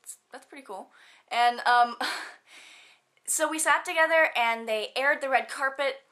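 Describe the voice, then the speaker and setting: Bubbly, bright-voiced teenage girl vlogger. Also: high-pitched, a little slow. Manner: bubbly, giggly, lots of fillers and quoted asides. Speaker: student vlogger. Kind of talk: casual chatty vlog.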